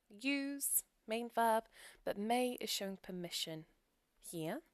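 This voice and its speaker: A woman teaching English grammar in a recorded lesson, explaining clearly and steadily with example sentences. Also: on the high side, animated, slow, no room sound, clean studio sound.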